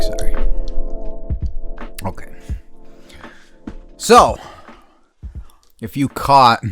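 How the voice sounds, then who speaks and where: A low-voiced man hosts his podcast from outside, ranting casually with blunt, defiant swearing. He wanders into tangents and restarts his thoughts. The sound is dry and close, with almost no room echo. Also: fairly bright tone. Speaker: podcast host. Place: outdoors in the heat.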